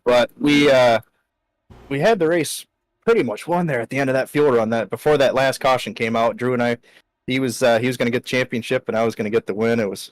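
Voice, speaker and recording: Man, race driver, post-race interview, relaxed talk. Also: mid-range voice, dry recording, poor audio.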